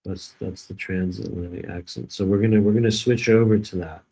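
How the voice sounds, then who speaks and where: Brief: low-pitched man, rambling joking live stream host, dry sarcasm. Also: fairly even intonation, a little fast, mellow, low-quality recording. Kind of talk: casual live stream chat.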